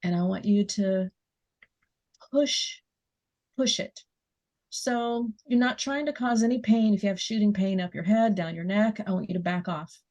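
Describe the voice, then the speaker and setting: A woman leading a guided muscle relaxation exercise, giving gentle step-by-step instructions and counting down. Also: mid-range voice. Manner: slow, soothing instructions with soft laughs.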